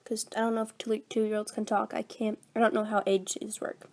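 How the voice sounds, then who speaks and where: A woman's voice: medium pitch, little pitch movement, moderate pace, darkish tone, slight background noise. A fourteen-year-old girl who is sick, rambling casually into her phone about recording voice-acting videos. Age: teens. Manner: rambling, meandering, self-deprecating. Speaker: voice actor vlogger.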